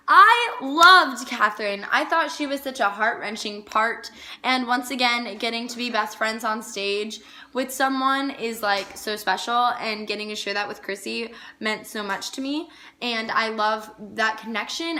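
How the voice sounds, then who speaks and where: Female, raised pitch, very bright tone, casual chat, gushing, many fillers. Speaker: vlogger.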